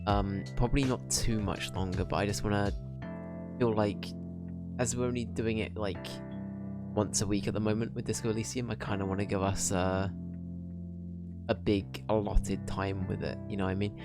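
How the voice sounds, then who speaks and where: A man's voice: on the low side, steady tone, normal speed. Chatty male streamer over background music. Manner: rambling, laughs at himself, self-correcting. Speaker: game streamer. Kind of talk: casual chat to stream viewers.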